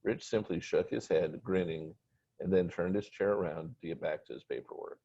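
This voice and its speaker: A man reading a story aloud in plain, steady narration. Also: low-pitched, normal speed, slightly rough. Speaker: story reader. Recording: dull lo-fi recording.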